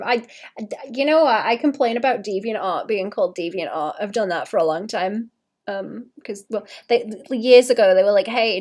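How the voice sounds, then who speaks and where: This young artist chats casually on her livestream while she sketches, thinking aloud and giggling a lot. Her voice is fairly high and darkish in tone.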